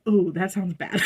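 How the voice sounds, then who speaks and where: Chatty American woman, low voice. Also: heavy background noise. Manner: chatty, rambling, fillers and asides to viewers. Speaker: vlogger. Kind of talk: casual haul vlog. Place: indoors at home.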